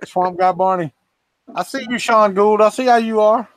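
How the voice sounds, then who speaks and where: Man, Southern accent, high voice, dry close sound, teasing folksy chat. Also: normal speed, dry recording. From Florida. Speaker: co-host of a livestream. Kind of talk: casual chat.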